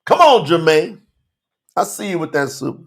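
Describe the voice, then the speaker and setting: A man's voice: a little high, very animated, normal speed, vocal fry, a bit bright. A man teaching scripture as a podcast host, preaching emphatically in casual slang and firing off rhetorical questions. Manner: casual slangy street talk. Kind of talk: livestreamed Bible study sermon.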